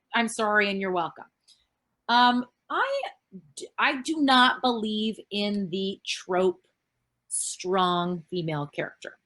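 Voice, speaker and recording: A woman's voice: medium pitch, fairly bright tone. A woman in her thirties from Canada, an actress answering fan questions in a casual virtual panel over a video call, rambling with lots of fillers and the odd swear word.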